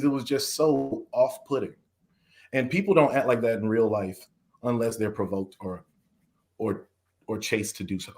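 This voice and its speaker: Speaking with fairly even intonation at a moderate pace, a mid-range-voiced Southern American man is interviewed on a podcast. He goes on at length, clearly frustrated, and acts out the questions he received.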